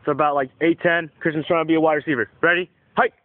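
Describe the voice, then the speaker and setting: A young man casually filming and narrating backyard football takes, joking and excited, outdoors by a house. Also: a little high, fast talker, no room sound. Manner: excitable, joking, announces each take. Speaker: quarterback filming backyard football with his cousin. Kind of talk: casual home video commentary. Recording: tinny lo-fi camera audio with faint hiss.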